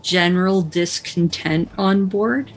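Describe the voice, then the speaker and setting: Woman, tabletop player, casual, hesitant and full of fillers, slightly low voice. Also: takes it slowly, low-quality recording. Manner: thinks aloud, hesitant with many fillers. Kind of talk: casual tabletop role-play.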